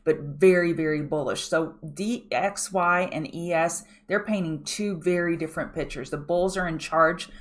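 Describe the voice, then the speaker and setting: A woman's voice: lowish voice, moderate pace, hardly any pauses. A woman hosting a pre-market trading show, walking viewers through charts in a direct, coaching way and often asking them to look at the chart. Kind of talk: live chart analysis walkthrough.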